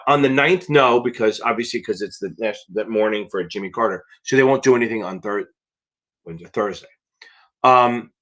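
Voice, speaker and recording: A man's voice: mid-range voice, pushed and bright. A man tutoring for a finance licensing exam on a live question-and-answer stream, talking bluntly and emphatically and swearing for emphasis.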